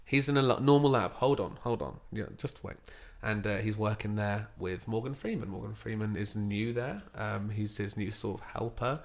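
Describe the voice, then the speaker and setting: A man's voice: on the low side, normal speed, vocal fry, few pauses. A man telling a made-up film plot in casual podcast chat, rambling and interrupting himself. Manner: rambling, self-interrupting storyteller. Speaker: podcast co-host.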